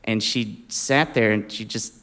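A man from Alabama telling a personal anecdote in a casual, animated way, often breaking into laughter. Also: on the low side, measured pace. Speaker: storyteller.

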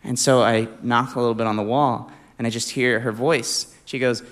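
A man from Alabama telling a personal anecdote in a casual, animated way, often breaking into laughter. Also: medium pitch, normal speed. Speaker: storyteller.

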